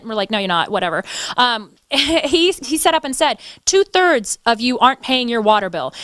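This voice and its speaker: A woman's voice: fairly high pitch, a bit bright, dry recording. A woman activist speaking in an interview, impassioned and indignant. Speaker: activist guest. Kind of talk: interview conversation.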